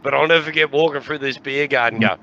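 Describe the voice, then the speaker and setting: A man's voice: medium pitch, quick pace, pushed and bright, lo-fi sound, a little hiss or hum. An Australian man in his sixties telling rowdy stories in casual chat, laughing often and swearing freely. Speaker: podcast host.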